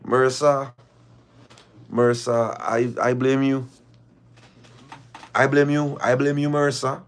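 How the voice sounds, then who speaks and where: Male host, middle pitch, casual and emphatic, heavy on repetition and rhetorical questions. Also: normal speed. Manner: emphatic, repeats phrases and fires rhetorical questions. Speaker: live-stream host. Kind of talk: casual live-stream talk.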